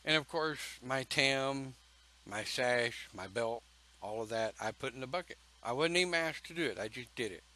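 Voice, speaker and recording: A man telling a personal story in a slow, folksy, emphatic way, with pauses between phrases. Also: mid-range voice, expressive, bright, forceful tone, low-quality recording. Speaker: pagan church speaker.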